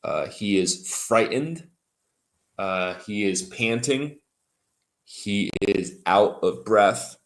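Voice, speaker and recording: A man teaching English on a livestream, who talks slowly and repeats words for his learners. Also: fairly low pitch, lively intonation. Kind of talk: livestream language lesson.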